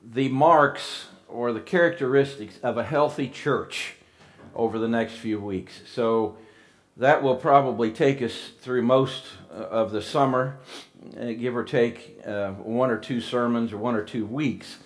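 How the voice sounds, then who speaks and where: A man's voice: medium pitch, measured pace. A male pastor preaching a sermon, chatting with the congregation and reading scripture with rising emphasis. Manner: conversational, with restarts and asides, rising into emphatic reading.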